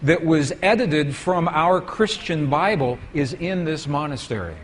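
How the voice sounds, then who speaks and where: A man's voice: fairly high pitch, expressive, a little slow, slight background noise. A man giving a storytelling lecture with slides to an audience, asking them questions as he goes.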